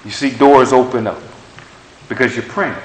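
A man's voice: medium pitch, steady tone, normal speed. A man preaching a sermon, emphatic and conversational, repeating phrases to drive points home. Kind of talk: sermon with prophetic words. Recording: echoey room.

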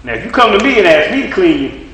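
A man's voice: high-pitched, big pitch swings, fast talker, a crowd in the background. Emphatic preacher man in an echoey room. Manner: emphatic, repetitive preaching cadence with rhetorical questions. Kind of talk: sermon.

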